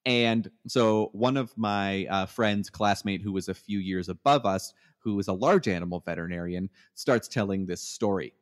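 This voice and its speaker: A Canadian man with a somewhat low voice tells long, rambling stories. He hesitates often, fills gaps with ums and restarts his sentences. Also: normal speed, few pauses. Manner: hesitant, many fillers and restarts. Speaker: guest. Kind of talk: casual storytelling.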